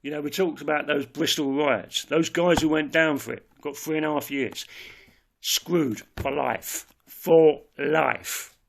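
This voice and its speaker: Guy ranting about politics, gravelly voice pitched a bit high, keeps repeating himself. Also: steady tone, a little slow, a bit bright. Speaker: political speaker. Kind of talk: impassioned monologue.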